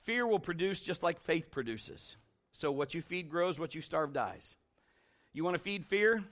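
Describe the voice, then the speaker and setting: A middle-aged man preaching a sermon in an animated, conversational way, with big swings in pitch. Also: unhurried.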